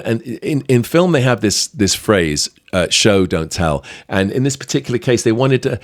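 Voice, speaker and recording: A middle-aged British man hosting a podcast, chatting lively through a behind-the-scenes anecdote with plenty of fillers. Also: fairly low pitch, dry recording, studio quality. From Britain. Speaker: podcast host. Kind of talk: storytelling anecdote.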